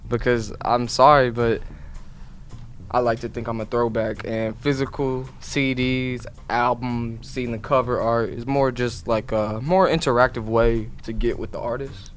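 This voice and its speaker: A young man in a casual chat, talking in halting, emphatic bursts with many restarts. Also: mid-range voice, fairly even intonation. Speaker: co-host.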